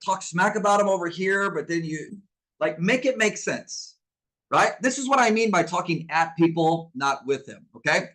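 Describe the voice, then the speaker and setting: High-voiced, fired-up man coaching. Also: low-quality recording. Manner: energetic, preacher-like call-and-response; blunt and emphatic, repeats himself. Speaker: business coach. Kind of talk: live online masterclass.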